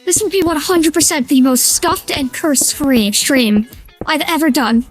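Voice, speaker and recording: A high, bright feminine voice-changer voice chatters through a live gaming stream. It's excitable and playful, quick to squeal or giggle. Faint music sits underneath. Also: male voice. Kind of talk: casual live-stream chat while gaming.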